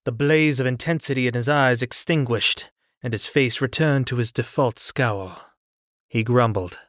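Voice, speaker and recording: A man narrating an audiobook in the first person, in a steady, earnest storytelling manner. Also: mid-range voice, moderate pace, no echo, studio quality. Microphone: studio microphone, dry.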